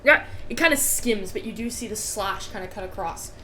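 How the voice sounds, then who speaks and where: A woman's voice: mid-range voice, expressive, fairly quick, pushed and bright, slight background noise. A woman running a tabletop game as game master, patiently explaining rules and vividly narrating scenes.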